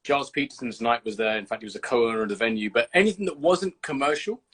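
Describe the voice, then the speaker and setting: A man hosting a casual livestream chat from the UK, telling animated stories and swearing freely. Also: medium pitch, quick pace, slightly rough. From United Kingdom. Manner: animated storyteller, swears freely, acts out scenes. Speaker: host. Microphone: video call.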